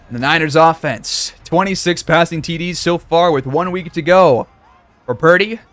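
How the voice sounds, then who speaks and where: A man giving play-by-play commentary over a football video game, reacting loudly to big plays. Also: on the high side, no room sound. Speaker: gaming commentator.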